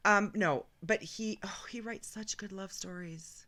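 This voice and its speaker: A woman from Canada co-hosting a podcast, chatting casually with enthusiastic, excitable energy. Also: medium pitch, measured pace. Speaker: podcast co-host. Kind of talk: casual chat.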